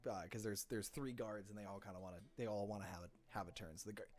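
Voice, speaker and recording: Low-voiced man running a tabletop game. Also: fast talker, loud music behind the voice. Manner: loose, meandering narration with fillers and self-corrections. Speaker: game master.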